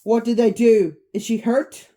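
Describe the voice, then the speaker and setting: A panicked young man in a spooky fan story, demanding answers with urgent, rapid-fire questions, as a woman voices him. The voice keeps a mellow warmth under the strain. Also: fairly high pitch, fairly even intonation, pitched above the performer's own voice, natural voice. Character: panicked young man searching for his sister.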